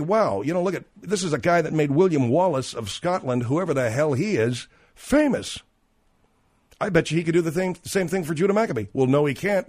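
Brash middle-aged radio host guy, kinda high voice, snaps at his crew. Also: darkish tone. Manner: brash, irritable, cynical. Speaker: radio talk show host. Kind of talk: talk radio banter.

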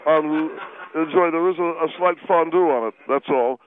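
A stuffy, indignant activist voiced by a man lectures formally with food in his mouth. His voice sits fairly high, and it comes through a thin, tinny phone line. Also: moderate pace, lightly acted. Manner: stiff, formal and indignant, chewing while talking. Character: pompous overweight male activist who talks with his mouth full.

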